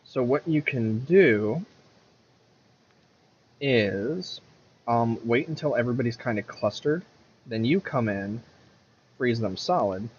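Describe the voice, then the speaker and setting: A man's voice: mid-range voice, expressive, takes it slowly, pauses often, a little mellow, lo-fi sound, a little hiss or hum. Rambling man commentating his gameplay. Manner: rambling, self-correcting, mutters at the game. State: has the hiccups.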